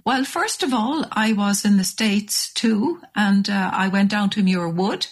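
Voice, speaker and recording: An older Irish woman, a radio interview guest, telling stories in a lively anecdotal way. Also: measured pace. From Ireland. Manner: lively anecdotal telling, rising high when excited.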